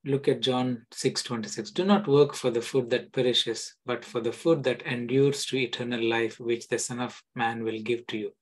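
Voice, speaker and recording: A middle-aged man preaching a teaching sermon at an average pitch. He reads scripture verses aloud, then explains each one in plain words, often stopping and restarting his sentences. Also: fairly even intonation, moderate pace, few pauses, poor audio. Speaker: pastor. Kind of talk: sermon, Bible teaching with slides.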